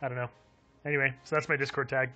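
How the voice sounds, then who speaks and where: A man's voice: mid-range voice, level tone, fast, sharp tone, soft background music, rough recording. A man live-streaming a game who reads viewer chat aloud, chuckling often and talking in a friendly, chatty way.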